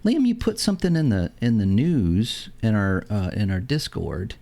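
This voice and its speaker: A man's voice: on the low side, big pitch swings, moderate pace, creaky, mellow. A middle-aged man hosting a casual gaming podcast, chatty and upbeat, rambling loosely from one thought to the next. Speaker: podcast host.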